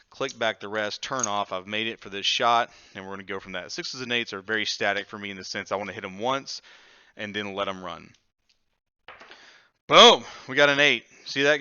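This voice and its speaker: Excitable man calling craps rolls. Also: fairly low pitch, clear, resonant tone, no room sound, dull audio. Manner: excitable, jokey, bursts of loud exclamations. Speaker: craps strategy video host. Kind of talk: live play-by-play craps tutorial.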